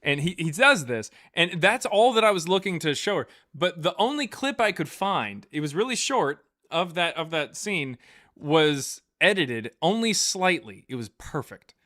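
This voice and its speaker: A man's voice: fairly high pitch, very animated, unhurried, bright, forceful tone, dry recording, clean studio sound. A man hosting a livestream, telling rambling jokey stories and reading out viewer super chats. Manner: joking, rambling storytelling with laughs. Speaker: livestream host. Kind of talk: casual livestream chat.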